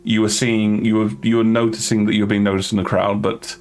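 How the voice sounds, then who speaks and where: A man narrating as game master of a tabletop game, halting with many fillers and restarts. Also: lowish voice, flat delivery, darkish tone.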